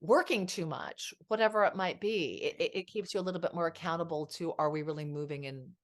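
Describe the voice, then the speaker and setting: A woman's voice: fairly low pitch, fast talker. A woman in her fifties, a marriage and family therapist, speaking as a podcast guest in a heartfelt, reflective way. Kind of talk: candid podcast interview.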